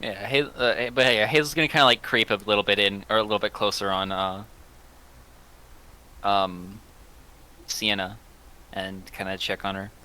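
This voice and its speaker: A man's voice: fairly low pitch, steady tone, moderate pace, pauses often, pushed and bright. A man playing a tabletop game, casually thinking aloud. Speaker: player.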